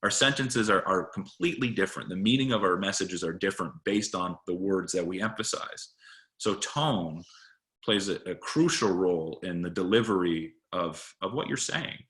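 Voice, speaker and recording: A man with a bright, forceful voice that sits a little low, giving a casual talk on presentation skills. He speaks conversationally and often circles back to restart a phrase. His tone is that of a friendly coach sharing tips. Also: normal speed. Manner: conversational, with frequent restarts and fillers.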